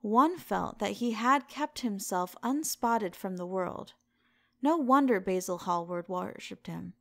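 A woman narrating an audiobook in a steady, measured reading style. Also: medium pitch, creaky, dry recording. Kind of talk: scripted narration.

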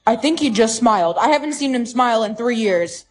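A woman's voice: a little high, expressive, brisk. A woman acting in a comedy skit in a brash, sarcastic manner.

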